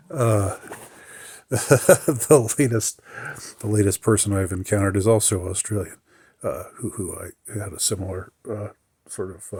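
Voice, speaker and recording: Low, husky man talking in a halting way. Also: darkish tone, no room sound. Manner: halting, many fillers and restarts; reflective, mildly aggrieved. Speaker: podcaster. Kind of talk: casual monologue.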